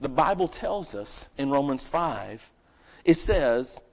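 A man preaching a live sermon at a church service, swinging between loud emphatic bursts and quiet asides and asking the congregation questions. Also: mid-range voice, sing-song, takes it slowly, vocal fry. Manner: asks the congregation rhetorical questions. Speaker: pastor. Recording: lo-fi dull recording.

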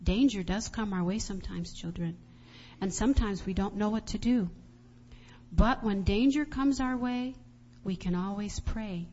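A woman missionary giving a children's sermon, telling an animated story and asking the children questions along the way. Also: medium pitch, moderate pace, a little hiss or hum. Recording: long reverb, dull lo-fi sound.

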